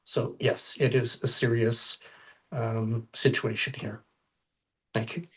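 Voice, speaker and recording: A Canadian man answers a panel question over a video call. He speaks very slowly and gravely, pausing on hesitations, in a voice of ordinary middle pitch. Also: flat delivery, a bit bright. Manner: grave, deliberate, with many "uh"s.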